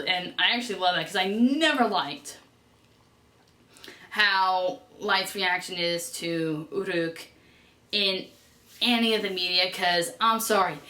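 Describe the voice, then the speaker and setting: A woman's voice: medium pitch, a bit bright. A woman vlogger recapping a TV episode in a chatty, gushing way, rambling and correcting herself as she goes. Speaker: vlogger reviewing a TV series. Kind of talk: casual vlog recap. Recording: roomy echo.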